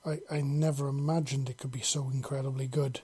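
A man's voice: mid-range voice, flat delivery, fairly quick, mellow, slightly rough, no room sound, lightly acted. A man voicing a devoted young human man who speaks breathlessly in a storybook reading.

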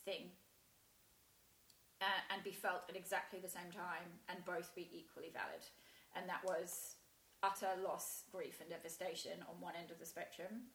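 A woman telling a painful personal story in a halting way, with many restarts and fillers. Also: fairly low pitch. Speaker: guest sharing a personal story. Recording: roomy echo.

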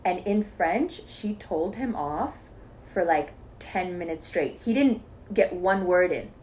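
A woman chatting casually, telling an animated story with quoted voices and frequent laughter. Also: on the low side, takes it slowly, slight background noise. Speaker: podcast co-host telling a story. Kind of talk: casual chat.

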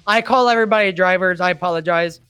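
A man's voice: high-pitched, quick pace, pushed and bright, clear, resonant tone, dry recording, faint music behind. A man hosting a casual live stream and reading viewer comments into a desk microphone, rambling and chatty, with laughs and restarts. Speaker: host and admin of a trucking group. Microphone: desktop microphone.

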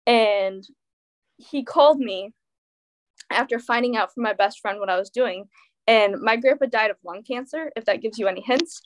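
A woman's voice: on the high side, normal speed. A teenage girl telling a dramatic personal story in casual chat, full of fillers and quoted dialogue. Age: teens. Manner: animated storytelling, many fillers. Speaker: teen guest.

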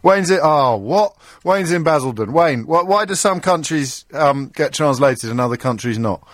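A male radio host chatting with callers in quick, teasing banter. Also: on the high side, lively intonation, no echo, clean studio sound. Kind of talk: phone-in chat.

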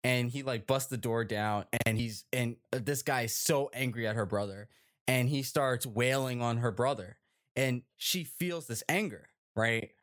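A man hosting a casual group chat show, talking in an animated, rambling way with many fillers and tag questions. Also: mid-range voice, measured pace. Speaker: podcast host.

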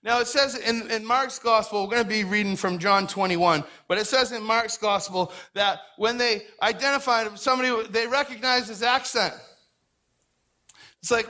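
A male pastor delivers an animated sermon in a high, bright voice. He slips into quoted voices to play out little scenes and doubles his words for emphasis. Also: moderate pace.

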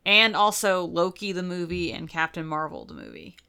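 Bright, clear-voiced woman chatting. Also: on the low side, wildly swooping pitch, moderate pace. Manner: chatty, reads cast lists, bursts into silly voices. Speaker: podcast co-host. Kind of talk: casual chat.

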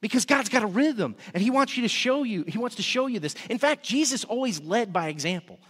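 A man preaching a sermon as pastor, energetic and repeating words when excited. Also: very high-pitched, brisk, husky, big-room sound. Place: church service.

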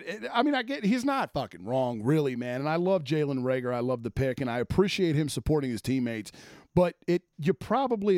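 A man's voice: fairly high pitch, darkish tone, dry recording, clean studio sound. A man ranting about sports as a host, blunt and exasperated, swearing freely. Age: adult, former offensive lineman. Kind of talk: profane sports rant.

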